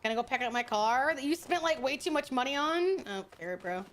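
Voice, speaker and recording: A young woman streaming a game, chatting casually with crude, teasing humor and loud bursts of laughter. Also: high-pitched, lively intonation, fairly quick, slight background noise.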